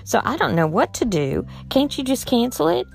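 A woman's voice: a little high, big pitch swings, moderate pace, gravelly, faint music behind, voice pushed up. Woman doing a naive mother, flustered, old-fashioned, pleading, singsong. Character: flustered naive mother, not good with computers.

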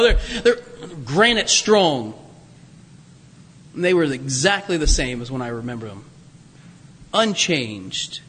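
A man preaching a sermon, telling stories with humor and asides in an animated way. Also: sits high, in a large hall. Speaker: pastor.

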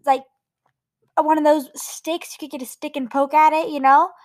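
A woman's voice: sits high, level tone, normal speed. A woman interviewing in an improvised comedy sketch, skeptical and hesitant, often stammering.

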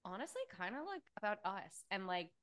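A woman's voice: medium pitch, very animated, a little fast, a bit bright. A woman co-hosting a podcast in casual chat, emotional and swearing freely, with lots of "like". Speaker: podcast co-host.

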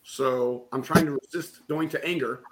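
A middle-aged man speaking as a guest in a conversation, with a voice at an ordinary pitch. He tells a painful personal story candidly and keeps checking in with "right?". The delivery is conversational and open. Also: steady tone, moderate pace. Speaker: guest, business coach.

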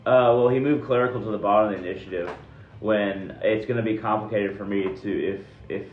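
Man, game master, halting narration, roomy room, dull lo-fi sound. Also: lowish voice, slight background noise. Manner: halting narration with many restarts.

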